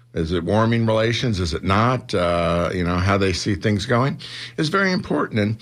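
A man's voice: medium pitch, fairly bright tone. A man, a newspaper publisher, explaining his views earnestly as a guest in a radio interview. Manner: earnest, explanatory, builds to rhetorical questions. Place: radio studio.

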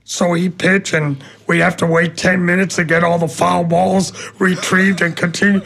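A man from Tampa telling an animated story as a radio host in a studio. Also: high voice, moderate pace, creaky. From Tampa, Florida. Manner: animated storyteller acting out the voices.

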